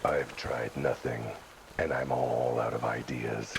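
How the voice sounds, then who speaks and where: Super deep deadpan noir cat detective, flat monotone, kinda sarcastic. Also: male voice, takes it slowly, gravelly, slight background noise, exaggerated voice. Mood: wry. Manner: dry, sardonic deadpan. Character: world-weary cat detective, middle-aged male, wry. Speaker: game character. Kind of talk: noir game voice acting.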